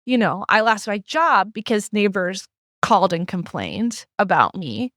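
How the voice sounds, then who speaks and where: A woman's voice: medium pitch, very animated, a little slow, a bit bright, dry recording. Candid, storytelling woman, dry sound. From not from the Midwest. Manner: candid storyteller who acts out quoted exchanges. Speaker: guest writer and journalist. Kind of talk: casual podcast conversation.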